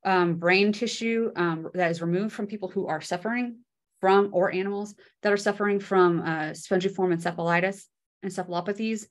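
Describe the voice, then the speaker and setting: A woman's voice: medium pitch, fairly even intonation, fairly quick. A woman giving a casual, chatty microbiology lecture, with many fillers and homely analogies.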